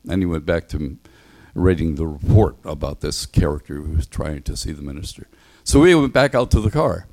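A man giving a sermon in a relaxed, anecdotal storytelling manner that closes in prayer. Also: extremely low pitch, brisk. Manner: conversational, anecdotal, acts out voices in stories. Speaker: preacher.

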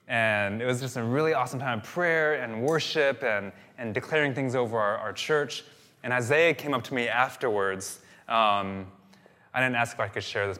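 Energetic male pastor in a reverberant hall. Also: medium pitch. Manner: energetic, repetitive, with frequent restarts and fillers. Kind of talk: sermon. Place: church hall.

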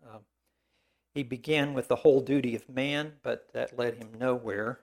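A man delivers a biographical sermon in a gravelly, creaky voice at an ordinary pitch. He pauses often on fillers and restarts, and drops in dry asides along the way. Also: fairly even intonation, a little mellow. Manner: halting, many fillers and restarts.

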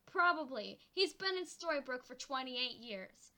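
A young woman with a high, bright voice, co-hosting a casual podcast. She chats in a sarcastic, disbelieving way, with quick asides. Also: animated. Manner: sarcastic, incredulous asides, laughs often. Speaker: podcast co-host. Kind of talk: casual chat.

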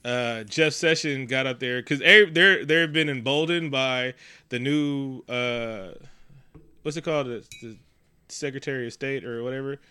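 A man's voice: mid-range voice, a little slow, pushed and bright, smooth. A man co-hosting a casual comedic podcast chat, rambling and profane, riffing with mocking impressions. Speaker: podcast co-host.

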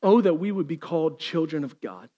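A man, preaching a sermon, swinging from lively storytelling to quiet intensity. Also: fairly high pitch, fairly quick, big-room sound, highs cut off. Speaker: pastor.

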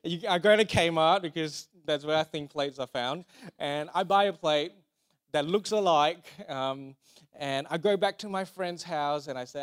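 Man, high-pitched; pastor preaching a casual, humorous sermon with call-and-response. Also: a little slow, clear, resonant tone. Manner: conversational, jokey, asks the congregation to repeat lines.

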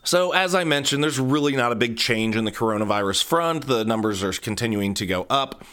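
Lively intonation and a slightly fast pace mark this adult man's medium-pitched, smooth, somewhat bright voice. He's a central Ohio podcaster wandering through a casual solo monologue full of self-deprecating jokes.

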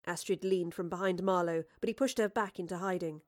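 A woman's voice: on the low side, fairly even intonation, brisk, few pauses, no room sound. Woman reading a story aloud, dry close sound. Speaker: narrator.

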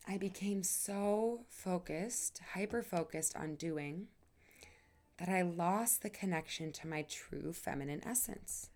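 A woman hosting a podcast, talking in an earnest, emphatic casual monologue with sighs and soft dips in volume. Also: on the low side, slow pace. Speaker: podcast host.

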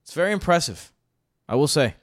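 A man's voice: a little high, big pitch swings, fairly quick, no echo, clean studio sound. A man co-hosting a sports podcast in casual, joking chat, talking animatedly and swearing freely. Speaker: podcast co-host.

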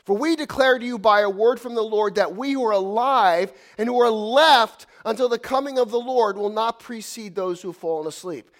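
High-voiced, animated male preacher. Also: normal speed, few pauses. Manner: animated, swings from loud exclamations to hushed asides. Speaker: pastor. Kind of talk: sermon.

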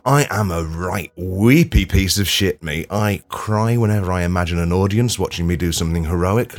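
A low-voiced man talks through a comic podcast monologue in a dry, self-deprecating way. He swears freely and breaks into sudden loud outbursts. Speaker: podcast host. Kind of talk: comedic monologue.

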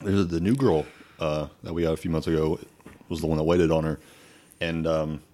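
A podcast co-host with a rumbling low, dark voice chats casually at a normal speed, his intonation fairly even. He tells stories laced with plenty of swearing and laughter.

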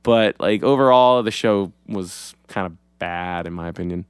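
A man's voice: low voice, moderate pace, clean tone, no room sound. A young man casually co-hosting a podcast, telling a story in a rambling way with many fillers and swearing freely. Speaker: podcast co-host. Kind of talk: casual chat.

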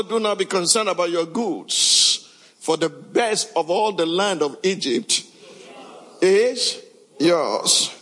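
A man's voice: high-pitched, fairly bright tone, big-room sound, poor audio. A pastor preaching a sermon, reading scripture aloud and questioning his congregation.

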